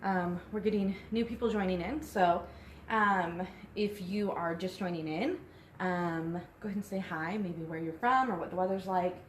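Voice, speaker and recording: A woman's voice: lowish voice, moderate pace. A young woman chatting casually on a live stream as co-host, out of breath and rambling with lots of fillers. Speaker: co-host and shop co-owner. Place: inside a small shop. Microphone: phone on a tripod. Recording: echoey room with faint noise.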